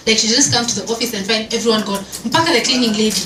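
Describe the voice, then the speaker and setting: Woman panelist, animated storyteller, roomy and noisy distant recording. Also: medium pitch, quick pace, hardly any pauses. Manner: animated, storytelling, code-switches into Swahili. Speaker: event panel speaker. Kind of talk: lively panel talk with audience interaction. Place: event hall with audience. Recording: echoey room from far off, noisy.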